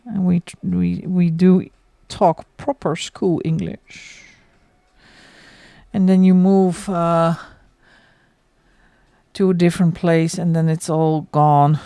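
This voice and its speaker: A woman's voice: fairly low pitch, flat delivery, takes it slowly, creaky, pauses often, warm tone, dry recording, clean studio sound. A Dutch woman with a Dutch accent, hosting a colouring livestream in casual chat, laughing often and muttering asides as she works. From Netherlands.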